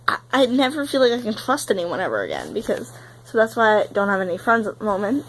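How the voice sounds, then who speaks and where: A breathy teenage girl on the verge of tears, rambling through a confessional vlog. Her voice sits at an ordinary middle pitch, with an airy, husky edge, and she fills her sentences with "like.". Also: sing-song, fast, low-quality recording. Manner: tearful, rambling, heavy use of "like". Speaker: vlogger.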